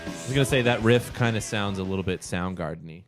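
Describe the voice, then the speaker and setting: A man's voice: fairly low pitch, fast talker, over music. A man co-hosting a casual podcast chat, cracking dry jokes. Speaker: podcast co-host.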